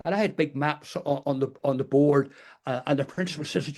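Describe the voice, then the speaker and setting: An older Northern Irish man, a retired teacher and memoir author, tells stories as a guest in a casual interview. His voice is fairly high, a little mellow and fairly quick, and he rambles with many restarts and plenty of "you know"s.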